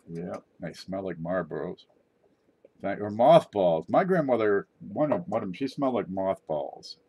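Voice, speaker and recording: A man's voice: deep voice, normal speed, darkish tone, slight background noise. A middle-aged man hosting his own channel, rambling and joking in a casual monologue. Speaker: channel host.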